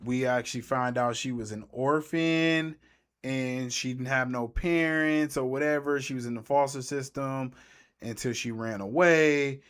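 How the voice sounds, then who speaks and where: A man's voice: mid-range voice, measured pace, fairly bright tone, clean tone. A man giving a casual, rambling movie recap as a YouTuber, slangy and trailing off mid-thought.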